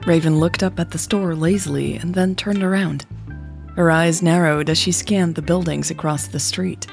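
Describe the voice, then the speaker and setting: A woman reads a romance story aloud in a calm, even storytelling manner. Her voice is fairly low and carries a gravelly fry. Faint music plays under her reading. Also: normal speed. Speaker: podcast host and narrator.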